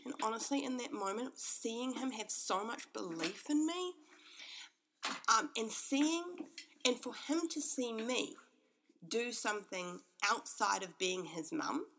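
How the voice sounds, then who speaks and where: A woman's voice: fairly high pitch, animated, takes it slowly, fairly bright tone, a little hiss or hum. A woman hosting her own podcast from her home kitchen, talking candidly and heartfelt, rambling with lots of "like.". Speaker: podcast host. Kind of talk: candid personal monologue. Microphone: podcast microphone.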